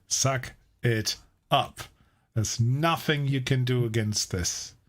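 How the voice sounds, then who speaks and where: A man's voice: medium pitch, very animated, normal speed, breathy edge. A man voicing a brusque, dismissive male head chef who talks curtly and impatiently. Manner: curt, impatient.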